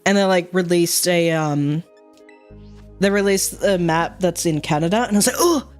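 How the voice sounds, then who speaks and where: A woman's voice: medium pitch, big pitch swings, normal speed, soft background music. A young woman chatting casually on a livestream, rambling with lots of fillers, frequent laughter and casual swearing. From Australia. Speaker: streamer.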